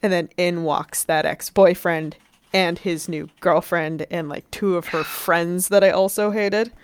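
A woman's voice: lowish voice, steady tone, a little slow, smooth, dry recording. A woman telling a story in casual chat, rambling, peppering her talk with "like" and swearing freely.

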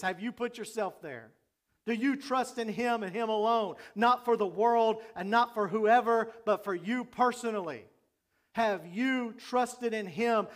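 A man's voice: very high voice, fairly bright tone. A man pastor preaching a sermon in a conversational way, asking the congregation questions and joking along the way.

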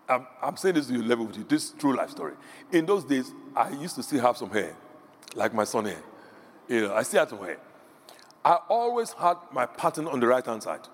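Lively man preaching in an echoey hall. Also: mid-range voice, slightly rough. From Nigeria. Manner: animated storytelling, acting out quoted voices, chuckling asides. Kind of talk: sermon. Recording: echoey hall, faint background hum.

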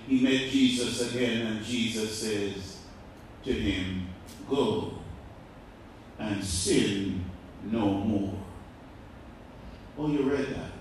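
Man, pastor, sermon, slow deliberate delivery, rhetorical questions, very echoey church, distant mic. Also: fairly low pitch, a little hiss or hum. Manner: rhetorical questions, swings between loud and quiet.

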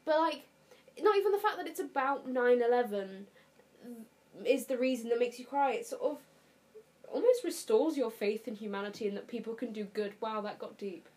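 A woman chatting enthusiastically as a podcast co-host, with quick quips. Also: a little high, darkish tone. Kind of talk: casual chat.

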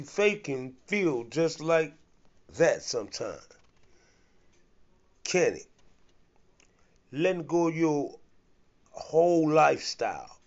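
A man preaching on his podcast with fervent, repetitive, rhythmic delivery, in a lo-fi recording. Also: fairly high pitch.

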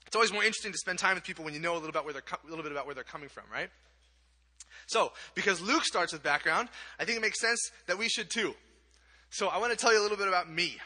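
Young man from Kenya, high bright voice, chatty camp preacher, long hall reverb. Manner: chatty, self-deprecating, many restarts. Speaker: camp speaker. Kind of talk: sermon with prayer and personal stories.

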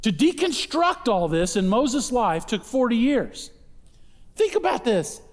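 A man preaching a sermon, emphatic, darting between quick asides and slow, stressed words. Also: extremely high pitch, sing-song, in a large hall. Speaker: pastor.

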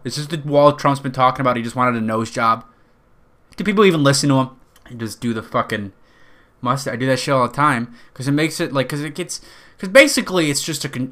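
A man's voice: medium pitch, sharp tone. A young man hosting a podcast, rambling through a profane, self-mocking comedic monologue. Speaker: podcast host.

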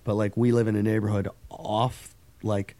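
A man's voice: on the low side, flat delivery, normal speed, mellow, no echo. A middle-aged man on a podcast, chatting casually and telling a story with lots of swearing and quoted dialogue. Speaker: podcast host. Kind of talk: casual chat.

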